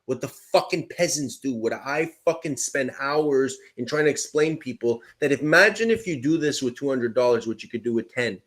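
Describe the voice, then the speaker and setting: A man's voice: mid-range voice, expressive, moderate pace, few pauses, fairly bright tone. Emphatic swearing man from Montreal. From Montreal, Canada. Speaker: crypto show co-host. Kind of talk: heated podcast argument.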